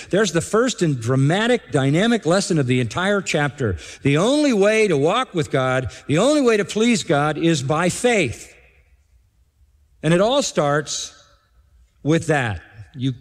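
A man preaching an expository sermon, emphatic, repeating key phrases and slowing down to stress them. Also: mid-range voice. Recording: long hall reverb.

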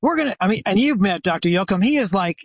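A man, a retired chiropractor, telling a lively anecdote as the guest expert of an interview. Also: sits high, fast, dry recording. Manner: animated anecdote teller, acts out quoted phone calls. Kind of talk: storytelling interview. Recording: dry, slightly dull sound.

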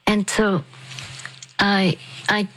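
An older woman hosting a Christian radio program, speaking slowly and softly with many pauses and restarts. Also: mid-range voice, flat delivery, rough recording. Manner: slow, soft, halting with restarts. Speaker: radio ministry host. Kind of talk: gentle spoken counsel.

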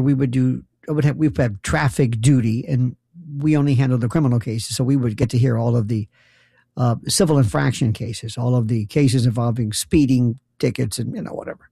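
A man's voice: medium pitch, vocal fry, warm tone, slightly rough, no echo, clean studio sound. A man telling incredulous, sarcastic stories in an opinionated monologue. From New York.

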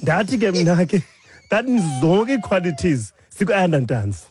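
A man's voice: sits high, very animated, moderate pace, a little mellow, faint music behind. A man co-hosting a radio chat, explaining things wryly and teasing his partner. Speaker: radio co-host. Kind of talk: casual chat.

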